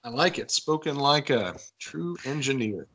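A man hosting an interview, friendly and halting as he asks a long question with repeated words. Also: mid-range voice, animated, fairly bright tone, slight background noise, low-quality recording. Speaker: host.

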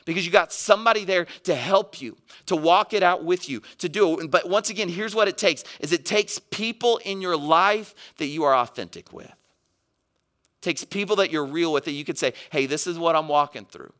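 A man preaching a sermon, earnest, moving between raised urging and soft, quiet pleading. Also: on the high side, normal speed. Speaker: pastor.

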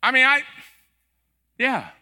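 A man's voice: very high-pitched, wildly swooping pitch, slow pace, bright, forceful tone. A middle-aged man, an executive pastor, preaching a sermon in a church in a conversational, joking and emphatic way. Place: church sanctuary.

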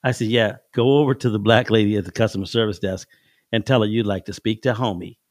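A middle-aged man with a fairly low voice, chatting in a relaxed, folksy way and chuckling as he tells old stories. He acts out the other people's lines as he goes. The sound is dry and close, with no room echo. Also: quick pace. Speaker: father telling life stories on his son's podcast. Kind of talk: casual storytelling chat.

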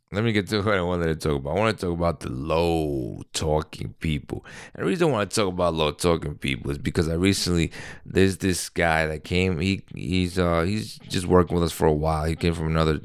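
A man in his thirties with a deep voice, talking in a casual, rambling monologue full of fillers and restarts. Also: smooth, dry recording, clean studio sound. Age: 30s. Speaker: vlogger.

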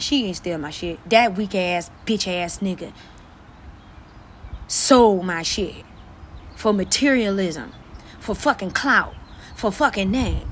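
A woman vlogger delivering an angry, profane rant to camera, repeating phrases and swinging between loud outbursts and quieter asides. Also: on the high side, slight background noise.

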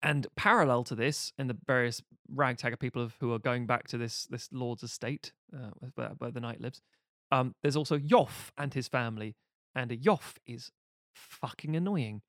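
A man recaps a film in a loose, rambling way, swearing freely and joking as he goes. His voice sits in an ordinary middle pitch. The recording is close and dry. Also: moderate pace, fairly bright tone, no echo. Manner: rambling, profane and jokey. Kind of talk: casual film recap chat.

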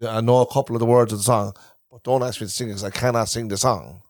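A man's voice: mid-range voice, fairly even intonation, quick pace, a little mellow, no room sound, studio quality. A man with an Irish Traveller accent, a podcast host who rambles and repeats himself while telling family stories in a casual chat recorded in a caravan.

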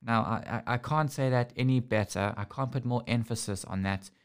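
A man's voice: mid-range voice, normal speed, clear, resonant tone. A man hosting a casual podcast, ranting sarcastically and often restarting his sentences. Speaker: podcast host.

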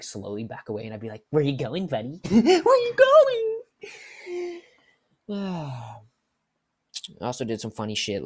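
Casting: young woman, very low voice, laid-back storytime vlogger, swears freely and laughs easily. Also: a little mellow, breathy edge. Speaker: vlogger telling work stories. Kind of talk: casual storytime.

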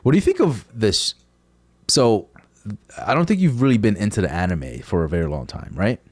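A young man co-hosts a casual, joking chat and now and then reads out news items. His voice sits low but swings up and down a lot. The recording is dry and close. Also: big pitch swings, normal speed, no room sound. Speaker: podcast co-host.

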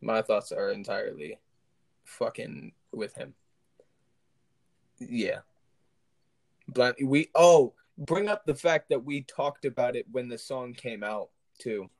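Young male co-host, mid-pitched voice, blunt and slangy. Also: animated, slow pace, vocal fry, pauses often. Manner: blunt, slangy, laughs easily. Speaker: podcast co-host. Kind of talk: casual chat.

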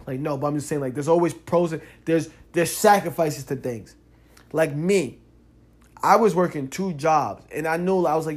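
Man, young adult, podcast host, casual monologue, animated, fairly high voice. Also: brisk. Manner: animated, talks straight to the listener, rising loud when worked up.

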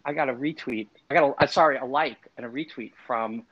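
A man's voice: mid-range voice, brisk, muffled recording. A man co-hosting a casual podcast, rambling and self-deprecating, often breaking into laughter. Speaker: podcast co-host.

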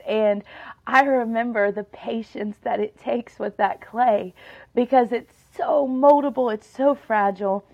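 Fervent woman preaching on a podcast. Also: fairly high pitch. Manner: earnest, fervent preaching with scripture reading. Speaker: podcast host. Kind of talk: devotional podcast teaching. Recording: dull lo-fi sound.

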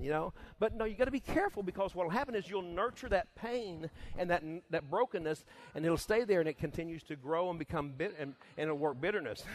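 A middle-aged man preaching a casual sermon as pastor, folksy and quick to laugh, acting out little voices. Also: sits high. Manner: laughs often, folksy and animated, acts out voices.

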